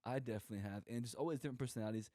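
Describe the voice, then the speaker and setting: A young man co-hosting a podcast, rambling through a comic story and slipping into quoted voices as he goes. His voice is mellow and warm, recorded dry and close. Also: medium pitch, very fast, no echo. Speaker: podcast co-host. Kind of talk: casual comedic monologue.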